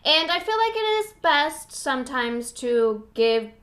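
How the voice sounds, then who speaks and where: A woman's voice: high-pitched, sing-song, unhurried, a bit bright. Bubbly rambling woman podcast host. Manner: bubbly, rambling, laughs at herself. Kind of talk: casual solo podcast chat.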